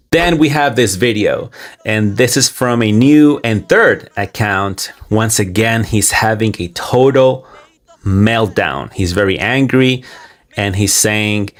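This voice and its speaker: A man narrating over social media clips in a mocking, indignant tone as a channel host. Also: lowish voice.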